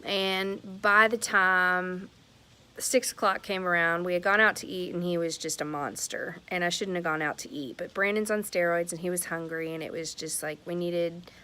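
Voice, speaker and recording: A woman's voice: fairly low pitch, fairly even intonation, moderate pace, sharp tone, clean tone. A woman in her thirties talks candidly and emphatically to the camera at home about a family incident. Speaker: vlogger, mother. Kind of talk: casual talk to camera. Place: at home, near a porch.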